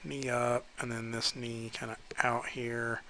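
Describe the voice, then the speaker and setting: Bright-voiced man critiquing drawings. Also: mid-range voice, measured pace, slight background noise, rough recording. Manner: relaxed, hesitant, many ums and likes. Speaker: art instructor giving pose feedback. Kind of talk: casual critique while sketching.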